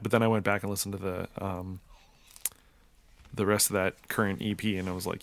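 A man's voice: sits low, little pitch movement, fast talker, no echo. A man co-hosting a music podcast in casual chat, full of filler words and ready to talk music theory. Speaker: podcast co-host.

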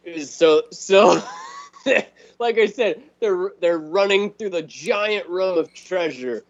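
Animated, laughing man ranting about a movie. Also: sits high, slow. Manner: animated, laughing, profane storytelling. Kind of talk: casual movie-talk podcast chat. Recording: dull lo-fi recording.

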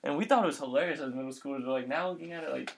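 Young man with a slightly high voice. He tells lively stories in a casual chat and acts out the other people in them. His voice is clear and fairly bright. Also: racing, a little hiss or hum. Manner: animated storyteller, acts out quotes.

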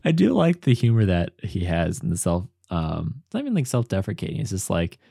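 A man with a low voice that swings widely in pitch, talking casually as a podcast co-host. He is animated and slips into quoted voices as he talks. The sound is close and dry. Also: brisk, gravelly, breathy edge, dry recording. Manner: animated, acts out characters' lines in quotes. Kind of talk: casual chat.

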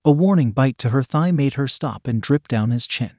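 A man reading an adult romance story aloud in a steady, unhurried way. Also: mid-range voice, no echo, studio quality. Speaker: story narrator.

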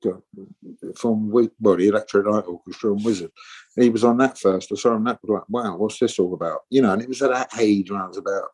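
A man's voice: on the low side, fast, a little mellow, breathy edge. A man in his sixties, a musician guest telling rambling stories and acting out the voices of people he quotes. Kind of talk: casual interview storytelling.

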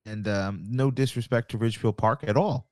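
A man's voice: on the low side, normal speed, dry recording, clean studio sound. A man, a wrestling promoter, telling a story in a casual podcast chat, acting out phone calls and swearing casually. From New York.

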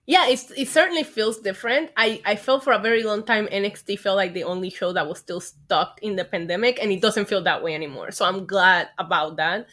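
A woman co-hosting a podcast, chatting casually about wrestling in relaxed banter. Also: medium pitch, fairly quick, hardly any pauses. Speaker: podcast co-host.

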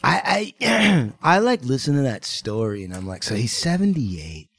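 A man's voice: medium pitch, very animated, unhurried, fairly bright tone, slightly rough, no room sound. A man hosting a casual podcast chat, rambling and laughing as he talks. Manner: rambling, laughing, hums song bits. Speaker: podcast host.

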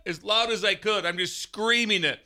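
A middle-aged man hosting a casual talk show, telling a story in an animated, excitable way. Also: sits high, normal speed. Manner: animated, excitable storyteller who shouts quoted lines. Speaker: radio show host.

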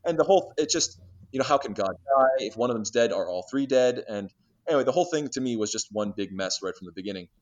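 Fast-talking man telling stories animatedly. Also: medium pitch, dull audio. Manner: animated storyteller who acts out exchanges, many restarts and fillers. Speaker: interview guest. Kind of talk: casual storytelling interview.

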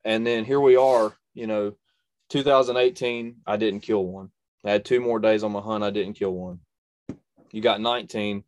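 A man's voice: lowish voice, fairly even intonation, moderate pace. A young adult man telling a personal hunting story in a conversation, earnest and emphatic, repeating phrases for stress. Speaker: hunter and video creator, guest.

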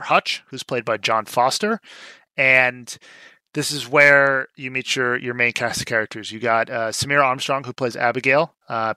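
Young male podcast co-host, bright sharp tone, dry booth sound, easygoing recap delivery. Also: medium pitch, clean tone, no echo. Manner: relaxed, lots of fillers, animated when retelling scenes. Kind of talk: casual movie recap chat.

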